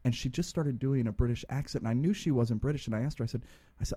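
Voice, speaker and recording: Fast-talking mellow male host. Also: mid-range voice, slightly rough. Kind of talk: casual chat.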